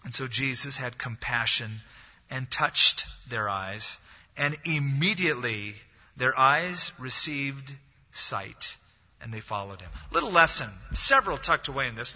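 A man's voice: mid-range voice, expressive, measured pace, bright, forceful tone, slightly rough. A man preaching a sermon as pastor, telling a story and acting out the voices of the people in it. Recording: dull lo-fi audio, long hall reverb.

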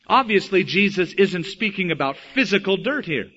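A man preaching a sermon, telling Bible stories with animated delivery and acting out the quoted voices. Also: high voice, normal speed, highs cut off, a little hiss or hum. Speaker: pastor.

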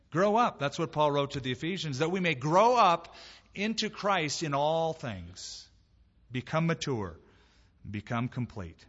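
A man's voice: medium pitch, slightly rough, muffled recording. Emphatic male preacher in an echoey hall. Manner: conversational preaching, animated and emphatic, acts out quoted voices. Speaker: pastor. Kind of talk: sermon. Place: church sanctuary.

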